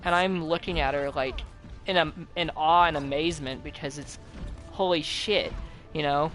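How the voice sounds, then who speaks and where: Animated young man telling stories over loud music. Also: on the high side, normal speed, low-quality recording. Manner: animated storyteller, swears often, acts out quotes. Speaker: host. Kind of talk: casual chat while gaming. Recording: game music playing loudly behind.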